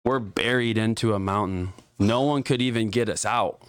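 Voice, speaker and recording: A young man with a lowish, smooth voice tells a story in loose, profane podcast chat. He leans hard on "like" and gets animated as he goes. The sound is close and dry. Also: moderate pace, dry recording. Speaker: guest telling a story.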